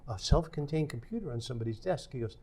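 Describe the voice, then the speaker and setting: An older man spinning a long story from his career, voicing the other people in it as he goes. His delivery is animated, and he keeps things conversational, with a mid-range pitch that is typical for a man. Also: fast talker, slightly rough. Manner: animated storyteller acting out quoted dialogue. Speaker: podcast guest.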